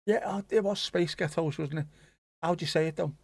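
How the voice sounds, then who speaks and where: A man's voice: fairly high pitch, a little fast, a little mellow, breathy edge, no room sound. A man hosting a casual livestream from home, chatting and musing aloud as he answers viewers. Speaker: livestream host.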